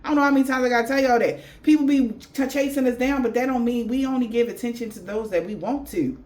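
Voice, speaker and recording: A woman's voice: a little high, fast, a little mellow. A woman giving a spiritual reading in blunt, profane slang. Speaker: tarot reader.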